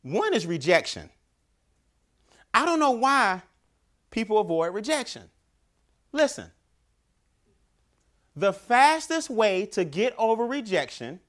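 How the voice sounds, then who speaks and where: Man, keynote speaker, high bright voice, animated storytelling, emphatic repeats. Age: adult father. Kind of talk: motivational keynote speech.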